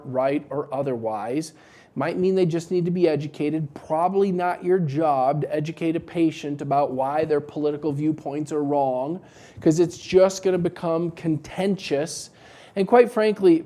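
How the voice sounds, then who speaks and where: A man coaching dental practice owners in a casual, joking advice talk, telling animated stories to make his point. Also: a little high. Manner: wry, joking, animated storytelling.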